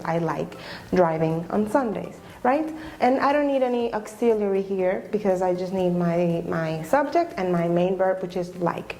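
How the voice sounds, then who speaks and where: A woman's voice: mid-range voice, mellow. A woman teaching an English lesson online, patient and explanatory, often checking in with "okay?" and restating her points.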